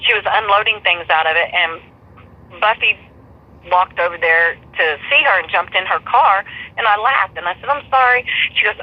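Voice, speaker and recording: Blunt, foul-mouthed woman guest, husky and rambling, on muffled low-fi audio. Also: moderate pace. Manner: blunt, profane, rambling storyteller. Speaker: interview guest. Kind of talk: live stream interview.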